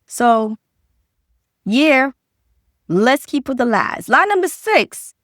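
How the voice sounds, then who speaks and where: A woman's voice: high-pitched, big pitch swings, takes it slowly, long pauses, fairly bright tone, dry recording, clean studio sound. A middle-aged woman doctor giving a conversational health talk straight to camera. She fires rhetorical questions and repeats her key points for emphasis.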